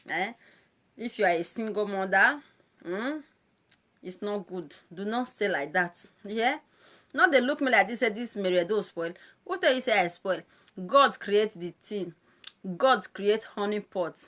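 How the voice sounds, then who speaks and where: Nigerian pidgin-accented woman, live-stream presenter, bright, playful, exclamatory. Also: mid-range voice. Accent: Nigerian Pidgin English. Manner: animated, playful, frequent laughs and exclamations. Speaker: social media live video presenter. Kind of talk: casual live-stream monologue.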